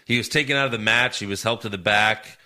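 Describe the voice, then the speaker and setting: A man's voice: on the low side, quick pace, pushed and bright. A man hosting a podcast, recapping wrestling in loose casual chat, rambling with laughs and casual swearing. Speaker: podcast host.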